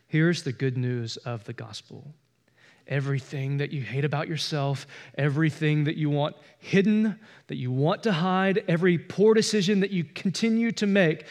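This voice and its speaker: Earnest pastor preaching, higher-pitched man. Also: moderate pace. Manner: earnest, swings from loud to hushed. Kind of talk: sermon. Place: church.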